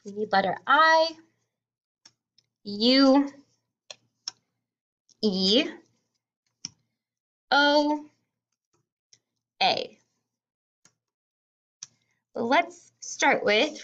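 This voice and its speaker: A woman kindergarten teacher with a slightly high voice runs an unhurried phonics drill for young children, sounding out words slowly and distinctly. She stretches each sound and praises the kids warmly and encouragingly, and the audio is muffled and lo-fi.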